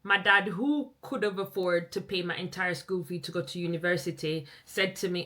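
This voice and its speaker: A young Jamaican woman hosts a relaxed conversation with a clear, bright tone. She talks in an easy storytelling way and laughs often. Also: on the low side, moderate pace, few pauses. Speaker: podcast host. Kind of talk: casual chat.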